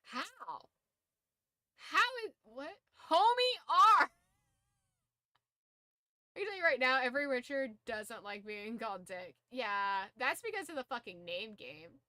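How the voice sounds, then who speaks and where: A woman's voice: fairly high pitch, very animated, moderate pace, pauses often, pushed and bright, no echo, studio quality. A young woman streaming casually, who swears freely, laughs a lot and shrieks in disbelief. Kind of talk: casual live-stream chat.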